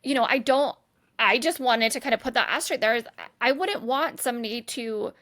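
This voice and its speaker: A woman who hosts a podcast and works as a therapist. Her voice sits a little high, and she talks in an earnest, thinking-aloud way, full of restarts and "right?". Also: fairly bright tone. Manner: thoughtful, earnest, restarts often, says "right?". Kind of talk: podcast interview.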